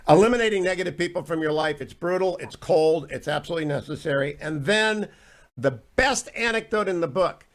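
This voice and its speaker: A man hosts a radio talk show, interviewing his guest with eager enthusiasm. His voice sits a bit high for a man. He chimes in often with compliments. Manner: enthusiastic, praising and quick to interject.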